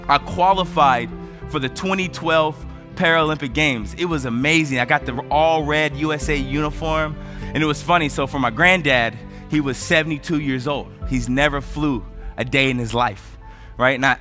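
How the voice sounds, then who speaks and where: A man in his thirties from the United States giving a motivational speech, telling stories with rising energy. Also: a little high. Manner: energetic storytelling, voice rising with emotion. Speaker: motivational speaker.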